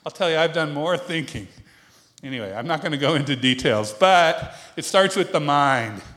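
A man preaching in a loose, conversational way, his voice sitting a little high and swinging up and down a lot as he talks. He jokes at his own expense, laughs easily and keeps checking in with the congregation. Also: animated, normal speed, fairly bright tone. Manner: chatty and self-deprecating, laughs often, asks the congregation questions. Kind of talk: conversational sermon.

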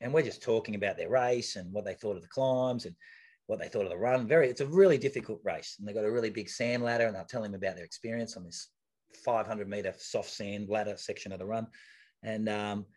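A middle-aged man, a podcast guest telling an anecdote in a lively, chatty way, often restarting and repeating words. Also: fairly low pitch, fast. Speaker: podcast guest, retired athlete.

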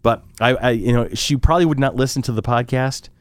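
A man in his forties co-hosts a podcast, chatting casually and acting out quotes as an animated storyteller. His medium-pitched voice is brisk, clear and resonant, captured in a dry recording.

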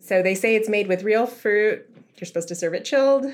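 A woman's voice: mid-range voice, a little fast. A woman hosting a podcast interview in a friendly, easygoing way. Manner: friendly, easygoing, laughs often. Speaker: podcast host.

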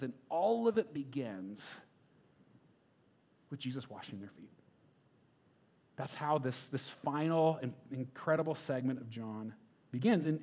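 A man preaching a sermon in a conversational, emphatic way, often checking in with the listeners. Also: fairly high pitch. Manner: conversational, emphatic, frequent "right?" asides. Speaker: pastor.

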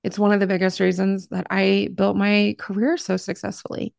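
A middle-aged woman from Appalachian Ohio hosts a podcast interview, warm in her words and quick to gush. Her voice sits mid-pitch with a gravelly fry. The recording is close and dry. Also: dry recording. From Southern Ohio, Appalachia. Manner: effusive and expressive. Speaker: podcast host. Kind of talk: conversational interview.

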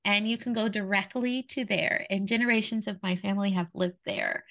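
A woman's voice: mid-range voice, fairly even intonation, a little fast, gravelly, fairly bright tone. A woman from Ghana, a children's author and educator, earnestly explaining her ideas in an interview. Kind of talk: interview conversation.

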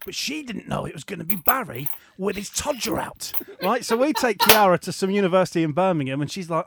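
A man hosting a casual chat, an excitable and animated storyteller. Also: sits high, a little fast, vocal fry, hardly any pauses, noisy background. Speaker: podcast host, former radio presenter.

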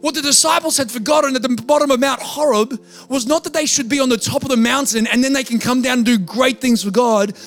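A man's voice: extremely high pitch, quick pace, few pauses, a bit bright, soft background music. A male pastor preaching a sermon in a church, talking casually and then building to emphatic peaks.

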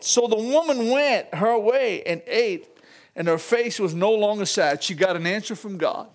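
A man's voice: sits high, expressive, moderate pace. An older man preaching a folksy sermon, chuckling often and calling out to the congregation.

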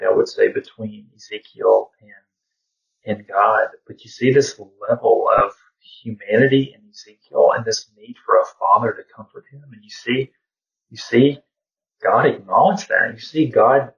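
A man's voice: lowish voice, creaky, a bit bright. A man leading an informal Bible study, talking in a reflective, conversational way and often saying "you know". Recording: distant, dull lo-fi sound.

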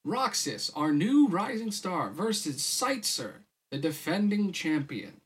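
A man voicing an excitable male tournament announcer who draws out his announcements. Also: breathy edge, exaggerated voice. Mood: hyped. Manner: booming, drawn-out announcing.

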